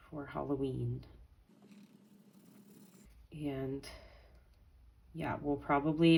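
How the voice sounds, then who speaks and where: Over a rough recording, a young woman's low, husky voice chats casually while she counts out budget cash for her vlog. She is pregnant, and she talks to herself a little as she counts aloud.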